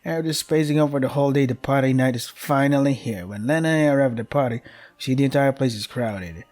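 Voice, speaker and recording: A man's voice: mid-range voice, brisk, darkish tone. Exasperated young man reading game text. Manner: swears a lot, exasperated, skims text with "yada yada". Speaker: game streamer. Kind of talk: reading game text aloud with frustrated commentary.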